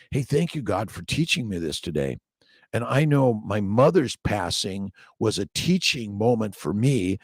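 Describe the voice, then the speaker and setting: Low-voiced man chatting through a livestream. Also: no room sound, clean studio sound. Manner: loose, repetitive, preachy, swears casually. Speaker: doctor hosting a morning livestream. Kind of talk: casual livestream chat, reading viewer comments.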